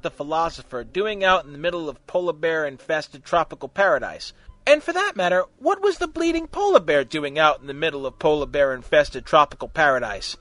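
A man narrating a comic fan fiction story in an animated, mocking way. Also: a little high, no echo. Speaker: story reader.

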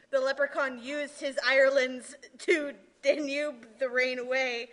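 Slow high-voiced woman reading a silly story. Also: steady tone, a bit bright. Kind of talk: deadpan comic reading in broken English.

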